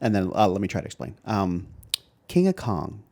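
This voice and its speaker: A man's voice: low-pitched, very animated, moderate pace, darkish tone. A man co-hosting a podcast in casual chat, joking and laughing easily. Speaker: podcast co-host.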